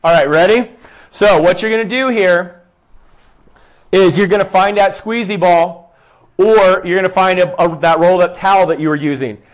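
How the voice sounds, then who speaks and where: A man's voice: high-pitched, moderate pace. A young man, a fitness coach, leading a guided exercise session, counting reps aloud and giving short, upbeat cues. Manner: talks quietly to avoid shouting into the mic.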